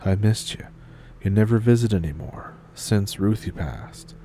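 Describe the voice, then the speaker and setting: A man reading the lines of a grizzled, protective old grandfather in a spooky story, keeping close to his own low voice. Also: expressive, measured pace, dark tone, slight background noise. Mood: warm. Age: older.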